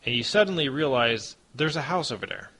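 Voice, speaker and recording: A man's voice: medium pitch, expressive, fairly quick, pushed and bright, breathy edge. A man narrating as game master of a tabletop role-playing podcast, casual and hesitant with lots of ums.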